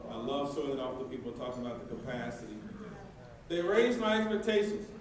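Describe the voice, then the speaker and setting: A man's voice: medium pitch, quick pace. A man giving a folksy, emphatic storytelling speech at a banquet. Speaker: banquet speaker. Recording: echoey banquet hall from far off.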